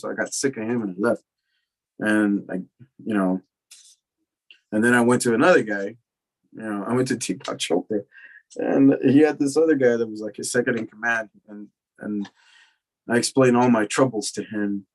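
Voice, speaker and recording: A man shares his recovery story in a loose, profane way. He keeps slipping into animated voices for the people in his story. His pitch sits in the middle. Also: moderate pace, poor audio. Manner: casual, profane, animated retelling with acted quotes. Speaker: recovery lecture speaker. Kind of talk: personal storytelling talk.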